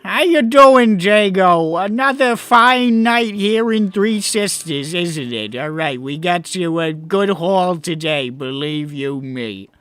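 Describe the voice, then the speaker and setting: A man voicing an incorrigible, chatty male bandit lackey who talks loud and overly friendly in a tabletop game. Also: high-pitched, expressive, slow pace, hardly any pauses, clean tone, voice pushed up, full character voice. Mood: chummy.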